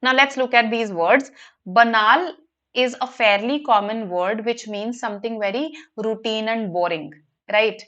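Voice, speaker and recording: A woman's voice: on the high side, a little slow, fairly bright tone, dull audio. A woman with an Indian English accent teaching a live online vocabulary lesson, explaining patiently and often checking in with the class. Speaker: online exam prep teacher.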